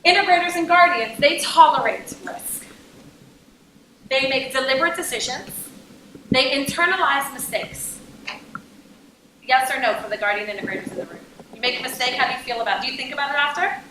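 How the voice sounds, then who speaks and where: A young adult woman giving a lively, jokey business workshop talk to a conference audience and asking them questions. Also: high voice, brisk, long pauses, reverberant, slight background noise, poor audio. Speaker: conference speaker. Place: conference room.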